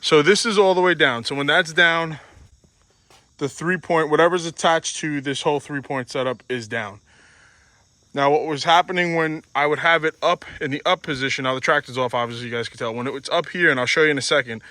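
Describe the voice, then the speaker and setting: A man's voice: a little high, a little fast, pushed and bright, low-quality recording. Rambling, chatty man vlogging by his tractor. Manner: rambling, chatty, self-deprecating. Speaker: outdoor channel vlogger. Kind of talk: casual show-and-tell vlog. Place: outdoors beside his tractor on his property.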